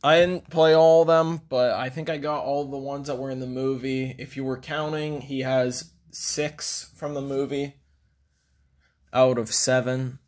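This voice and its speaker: A man's voice: mid-range voice, flat delivery, a little slow. A man giving a casual video review of toys, rambling with frequent ums. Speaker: toy reviewer.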